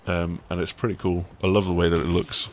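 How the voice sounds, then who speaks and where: A man's voice: deep voice, little pitch movement, fairly quick, slight background noise. A man hosting a casual video game chat, talking in a rambling, enthusiastic way. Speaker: gaming site host.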